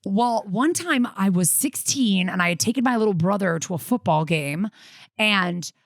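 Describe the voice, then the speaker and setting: A woman's voice: medium pitch, lively intonation, moderate pace, no room sound, clean studio sound. A woman from Connecticut co-hosting a podcast remotely, telling rambling personal stories with lots of "like". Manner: chatty storyteller, lots of "like". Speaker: podcast co-host. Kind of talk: casual chat. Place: at home in Vermont, remote.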